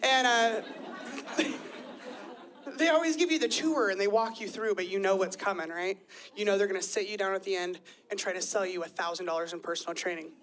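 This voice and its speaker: This thirty-something woman performs live stand-up in a club, chatty and self-mocking, with lively quoted voices. She speaks in a mid-range voice at a moderate pace, and the audience's laughter is audible in the club audio.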